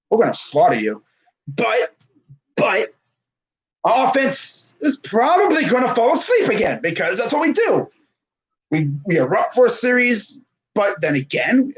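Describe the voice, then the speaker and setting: Young guy streaming sports talk, high husky voice, rambly and lively. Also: rough recording. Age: 20s. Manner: rambling, animated, frequent fillers and self-corrections. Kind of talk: casual sports chat reading live comments.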